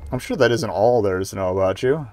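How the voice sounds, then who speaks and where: A man's voice: fairly low pitch, lively intonation, quick pace, mellow, lightly acted. Man voicing a young woman mathematician, formal, poised, determined.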